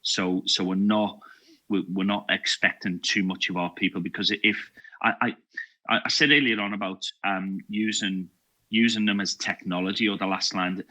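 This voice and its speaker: Liverpool man, low bright voice, eager podcast guest who stumbles and restarts a lot. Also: fairly even intonation, moderate pace. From England. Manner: enthusiastic, stumbling restarts and repeated words. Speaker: podcast guest, security awareness video maker. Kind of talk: casual podcast conversation.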